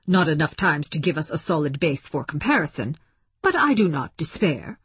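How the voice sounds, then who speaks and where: A woman voicing a courteous male scholar who talks in a formal, measured way. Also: low-pitched, sing-song, slightly rough, no echo, exaggerated voice. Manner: formal, polite.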